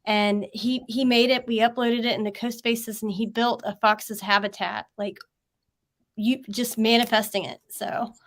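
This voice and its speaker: A woman with a Southern US accent hosts a webinar over a video call. Her voice sits slightly high, and she talks in a chatty way, full of fillers and easy laughs. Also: steady tone, a little slow, fairly bright tone. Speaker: webinar host and teacher. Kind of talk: casual chat.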